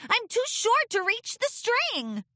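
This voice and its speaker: A woman's voice: very high voice, wildly swooping pitch, slow, sharp tone, dry recording, studio quality, voice pushed up, exaggerated voice. Woman doing a small giggly filly pony. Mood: pleading. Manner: pleading, giggly. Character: small playful filly pony, young girl.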